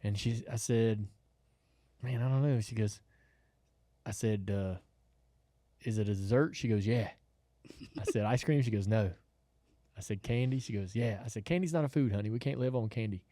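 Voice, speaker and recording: A man, co-hosting a podcast and telling a story in an animated, laughing way. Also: fairly low pitch, moderate pace, long pauses, no echo. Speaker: podcast co-host. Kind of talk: casual storytelling chat.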